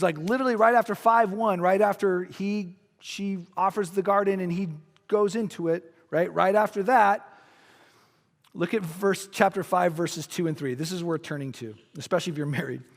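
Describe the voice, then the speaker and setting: Guy pastor preaching, kinda high voice, loose and jokey, echoey church hall. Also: moderate pace. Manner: casual, joking preaching with animated asides. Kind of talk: sermon. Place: church sanctuary. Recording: long church-hall reverb.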